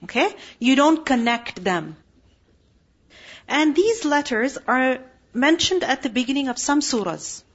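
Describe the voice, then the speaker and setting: A woman teaching a religious lesson to children, asking the class questions and answering them herself with lively storytelling. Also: sits high, measured pace, slightly rough, highs cut off.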